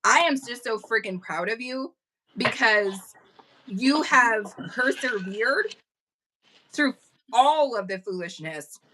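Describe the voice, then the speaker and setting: A woman's voice: a little high, lively intonation, slow, background noise. A woman hosting a casual livestream chat, talking bluntly and emphatically and cursing freely. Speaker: livestream host. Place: home livestream setup.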